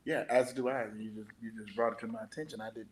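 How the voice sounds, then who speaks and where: A man's voice: medium pitch, fairly even intonation, fast, echoey room, poor audio. A man co-hosting a casual chat, playful and teasing. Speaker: co-host.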